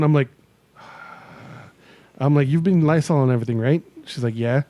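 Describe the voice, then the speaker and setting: A man co-hosting a podcast in casual chat, an animated storyteller who acts out quotes and swears a lot. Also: mid-range voice, a little slow, no room sound. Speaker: podcast co-host. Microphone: studio mic.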